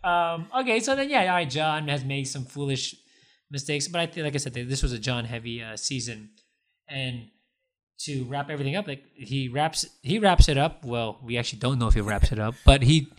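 A man co-hosting a casual chat show, talking loosely and acting out characters in high, squeaky put-on voices between laughs. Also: expressive, moderate pace.

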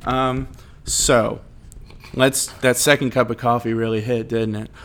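A man telling a story in casual chat, animated and rambling, swearing freely. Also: medium pitch, a little slow.

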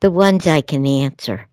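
Slow, low-voiced woman radio host. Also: a little mellow, dry recording. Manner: soothing, reassuring, drawn-out phrasing. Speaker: radio show host channeling messages. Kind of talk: casual spiritual radio talk.

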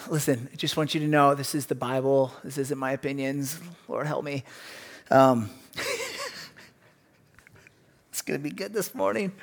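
A man preaching a sermon in a conversational way, with asides and jokes between scripture readings. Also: a little high. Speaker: pastor.

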